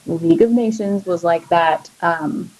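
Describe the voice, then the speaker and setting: A woman's voice: lowish voice, normal speed, a little mellow, rough recording. Chatty woman teaching history. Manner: chatty, drawing as she explains, many fillers. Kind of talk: casual classroom lecture.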